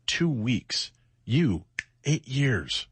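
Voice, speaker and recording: A middle-aged man with a husky voice and a dry, close studio sound co-hosts a late-night radio show. He sounds worn out and short on sleep, rambling and reflecting with self-mocking asides. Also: medium pitch, big pitch swings, very slow, no echo. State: exhausted, sleepless. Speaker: radio co-host.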